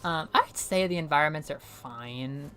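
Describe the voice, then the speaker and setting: A woman's voice: low-pitched, a little slow, bright, forceful tone. A young woman from New England, casually chatting and rambling with lots of fillers and laughter while streaming a game. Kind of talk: casual gameplay commentary.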